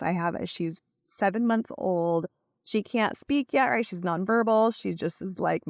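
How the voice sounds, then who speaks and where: A woman hosting a podcast in a chatty, casual way, full of fillers and quick tone demos. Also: medium pitch, vocal fry, dry recording, studio quality. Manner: chatty, with many fillers, acts out tones of voice. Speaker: podcast host. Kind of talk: casual solo podcast talk.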